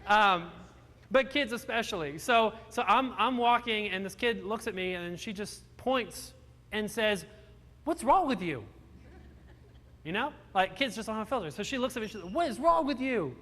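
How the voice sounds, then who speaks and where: A young man in his twenties from Virginia tells a personal story to an audience, earnest and animated. His voice sits high and sounds bright and forceful. It rings out with the long reverb of a large hall. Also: moderate pace. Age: 20s.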